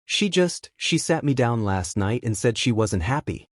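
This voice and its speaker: A man's voice: mid-range voice, very animated, no echo. A man voicing a heartbroken, self-blaming young husband. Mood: distraught. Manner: halting, pleading, questioning himself.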